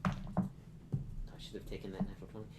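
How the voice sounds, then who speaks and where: A man's voice: sits low, completely flat delivery, fast. A man playing a tabletop game, talking in a hesitant way and repeating himself. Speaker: player. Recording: roomy echo with faint hiss.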